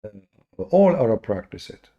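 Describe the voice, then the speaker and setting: A man hosting a lecture-style monologue, speaking with slow, deliberate emphasis, often repeating words and adding fillers. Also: medium pitch, very animated, muffled recording. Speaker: host.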